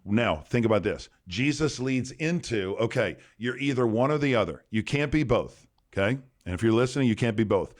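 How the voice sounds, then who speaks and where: A man's voice: medium pitch, lively intonation, normal speed, few pauses. A man, a pastor, teaching on a podcast in an emphatic preaching manner that repeats key phrases. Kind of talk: podcast sermon-style teaching.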